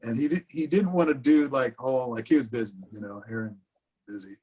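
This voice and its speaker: A man's voice: medium pitch, brisk, a little mellow, slightly rough. A man from California, a podcast guest telling a laid-back story. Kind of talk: casual podcast chat.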